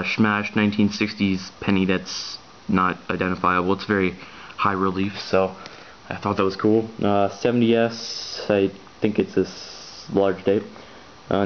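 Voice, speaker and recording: A man casually showing off his coin finds in a vlog, talking in a hesitant, rushed way with lots of ums and restarts. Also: lowish voice, lo-fi sound, slight background noise. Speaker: coin collector vlogger. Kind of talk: casual show-and-tell vlog.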